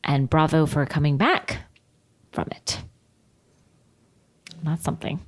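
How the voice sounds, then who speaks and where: A woman's voice: low-pitched, takes it slowly. A woman co-hosting a podcast, chatting and gossiping frankly with plenty of swearing. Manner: frank, profane and animated. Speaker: podcast co-host. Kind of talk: casual gossip chat.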